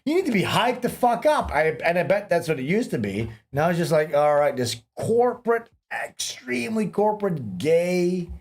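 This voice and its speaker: A man's voice: on the high side, darkish tone. A man hosting a livestream, telling long, rambling stories with lots of swearing, in casual chat. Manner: rambling, profane storytelling. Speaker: livestream host.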